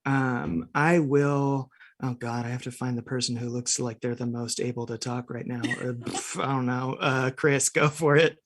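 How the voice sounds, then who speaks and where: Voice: mid-range voice, level tone, moderate pace. A tabletop game player giving casual closing thanks on a live stream, in a loose, rambling way with many ums and uhs.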